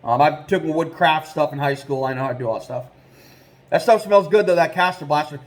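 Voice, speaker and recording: A man with a fairly high voice chats loosely to his viewers. He rambles, fills gaps with ums and gets easily worked up. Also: a little fast. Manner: rambling and excitable, with many fillers. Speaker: trapping vlogger. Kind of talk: casual vlog talk.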